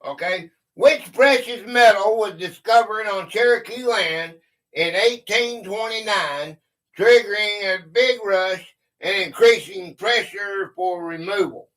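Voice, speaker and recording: A man's voice: high-pitched, takes it slowly, a bit bright, low-quality recording. A man hosting a casual live game stream, reading quiz questions aloud with a drawl and chuckling at his own stumbles.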